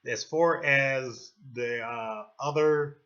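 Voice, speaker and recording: A man's voice: medium pitch, slow, a bit bright, muffled recording. A man giving a casual, rambling movie review full of fillers and restarts.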